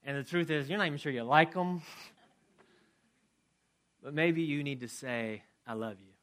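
A middle-aged man delivers a sermon and closing prayer in a fairly high, conversational voice. He asks his congregation questions, then drops from loud emphasis into soft, hushed prayer. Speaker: pastor.

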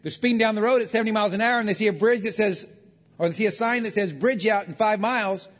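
A man's voice: high-pitched, fairly even intonation, very fast. A man preaching a sermon on marriage, talking conversationally and acting out quotes. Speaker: pastor. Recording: long reverb of a large hall.

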